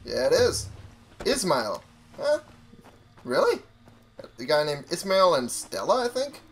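A man's voice: fairly high pitch, huge pitch swings, measured pace, a bit bright. A young man casually commenting on a video game he is playing, talking to his viewers and swearing freely. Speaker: gaming YouTuber.

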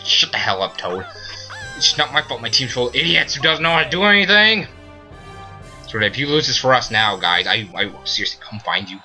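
A man playing a video game and commenting, ranting loudly at his teammates in a put-on silly voice. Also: medium pitch, sing-song, fairly quick. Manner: loud, frustrated ranting at teammates. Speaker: let's play gamer. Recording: faint game music behind. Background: game music.

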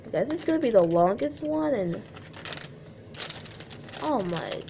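Brief: woman, higher-pitched, reads a fan story aloud with snarky asides and stumbles. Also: big pitch swings, measured pace, vocal fry, long pauses, noisy background. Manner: sarcastic asides, stumbling over the text. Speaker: story reader.

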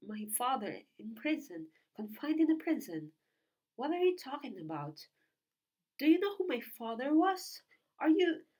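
A woman's voice: mid-range voice, moderate pace, close to an everyday voice. A woman reading the lines of a young man just returned from abroad, questioning urgently and with rising alarm.

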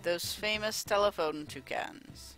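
A woman's voice: medium pitch, slow, fairly bright tone. A woman streamer giving casual, rambling gameplay commentary, full of fillers and asides, on a close desk mic. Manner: chatty, rambling, with lots of fillers. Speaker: let's play streamer. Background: faint game music.

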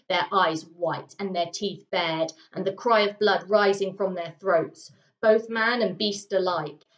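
A woman primary school teacher reading a children's story aloud, with an expressive delivery and dramatic pauses. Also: mid-range voice. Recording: roomy, slightly muffled home recording.

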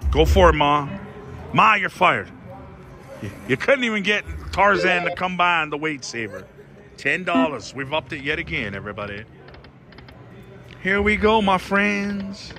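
A man's voice: fairly high pitch, lively intonation, unhurried, pushed and bright, faint music behind. A man giving casual live commentary while gambling at a casino slot machine, talking to his viewers in a dramatic, theatrical way.

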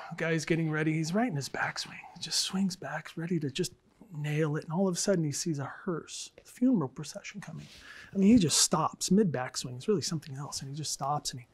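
A man, an English professor and department chair, telling bad jokes to students in a dry, deadpan way with lots of fillers. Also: fairly high pitch, husky. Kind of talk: casual joke-telling address to students.

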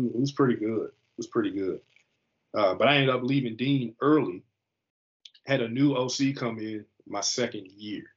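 A man in his thirties from the US East Coast, a football player telling his story as a guest on an interview show. He talks in an animated, slangy way. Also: medium pitch. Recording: slightly muffled lo-fi recording.

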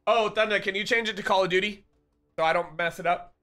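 A man's voice: high-pitched, steady tone, fast, pushed and bright, soft background music. A man streaming live, chatting casually and joking with his viewers, often breaking into laughter.

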